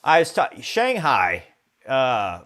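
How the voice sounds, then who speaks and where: A man's voice: medium pitch, huge pitch swings, slow pace, a bit bright. Enthusiastic casual male show host. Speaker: podcast host. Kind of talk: live interview show.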